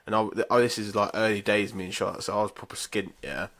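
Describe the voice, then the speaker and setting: A man's voice: on the low side, flat delivery, quick pace, a bit bright. A man, a podcast co-host telling stories in casual chat, blunt and sweary.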